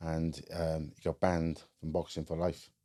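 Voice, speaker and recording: Very deep, mellow man. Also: little pitch movement, measured pace. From Wales. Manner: frank, matter-of-fact, many fillers and restarts. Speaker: guest. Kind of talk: casual storytelling.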